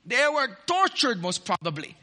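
High bright-voiced man preaching in a hall. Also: sing-song, moderate pace. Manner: explains with repeated points and questions to the congregation. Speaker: pastor. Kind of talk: sermon. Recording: long hall reverb.

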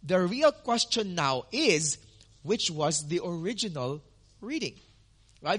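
A man's voice: high voice, big pitch swings, slow, fairly bright tone, breathy edge. A male pastor teaching a sermon in an earnest way, repeating words for emphasis with frequent ums and restarts.

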